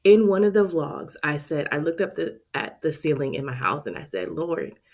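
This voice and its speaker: A woman, chatting to her viewers in a casual vlog about her budget. Her voice sits low, and she talks in an expressive, friendly way, calling her audience "y'all." She is close to the mic. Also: brisk. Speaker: budgeting vlogger and channel host.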